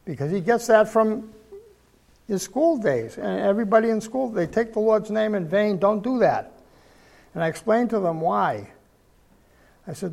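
A man's voice: high-pitched, very animated, unhurried, vocal fry, pauses often, a little mellow. An older man preaching a sermon, telling folksy stories and repeating words for emphasis.

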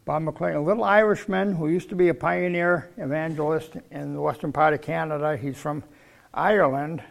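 A man's voice: a little high, fairly even intonation, brisk, creaky. An older man preaching a sermon, teaching from the Bible in a folksy, conversational way.

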